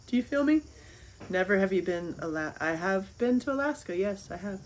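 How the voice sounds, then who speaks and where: A woman talking as an interview guest in casual chat. She is animated, laughs often and repeats phrases. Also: medium pitch, normal speed, low-quality recording. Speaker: interview guest, filmmaker and author.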